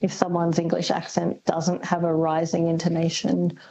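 A woman's voice: on the low side, monotone, normal speed, vocal fry, mellow, highs cut off, slight background noise. A woman linguist, answering radio interview questions thoughtfully with many ums and restarts. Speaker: linguist guest.

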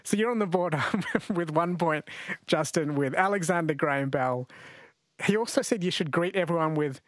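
Hosting a radio talk show quiz, this Australian-accented man talks at a moderate pace in a fairly high voice, joking around and laughing frequently. He is on a studio mic, and there is no echo.

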